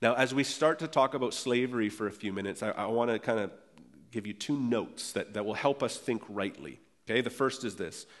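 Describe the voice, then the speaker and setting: A male pastor delivers a sermon in a voice of ordinary pitch, earnest and emphatic, drawing out the words he wants to land. His voice rings with the long reverb of a church hall. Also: expressive. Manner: earnest, emphatic, slows for key phrases.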